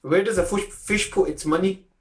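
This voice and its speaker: A man's voice: high voice, moderate pace. A man, co-hosting a podcast, chatting casually and teasing the others with jokes. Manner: teasing, jokey banter. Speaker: podcast co-host. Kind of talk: casual chat.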